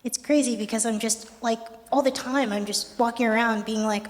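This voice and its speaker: A young adult poet giving a poetry reading with a wry, conversational, deadpan delivery. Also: mid-range voice, moderate pace, a little hiss or hum. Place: art gallery performance space. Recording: long reverb of a gallery hall.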